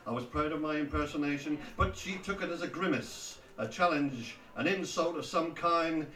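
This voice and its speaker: A man's voice: fairly high pitch, moderate pace, bright, forceful tone. A man narrating a scripted memoir, wry and mocking as he tells it. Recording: roomy echo, distant from mic.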